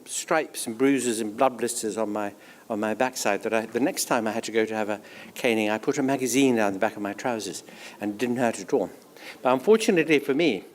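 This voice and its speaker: A man's voice: medium pitch, slight background noise. An older man from Zambia, a philosopher giving a public talk and telling a wry, self-deprecating story. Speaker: guest speaker, philosopher.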